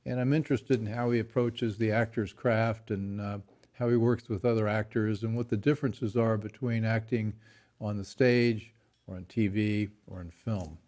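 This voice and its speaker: A man hosting an interview show, introducing his guest in a measured, admiring way. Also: lowish voice, fairly even intonation, a little mellow. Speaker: host.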